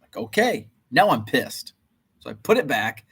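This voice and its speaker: A man's voice: medium pitch, big pitch swings, a little slow, a bit bright, husky. A man in a casual vlog, retelling his errands in a rambling, exasperated way with lots of fillers. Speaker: eBay reseller and channel host.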